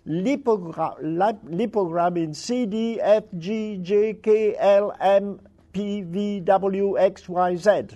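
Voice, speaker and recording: A man reading examples of literary wordplay aloud to an audience, with a playful and deliberate delivery. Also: sits high, dark tone. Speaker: speaker presenting literary wordplay.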